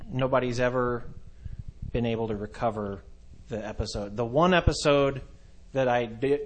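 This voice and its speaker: A man's voice: mid-range voice, a little hiss or hum. A man hosting a podcast, chatting crudely and casually, often trailing off and restarting mid-sentence. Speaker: podcast host.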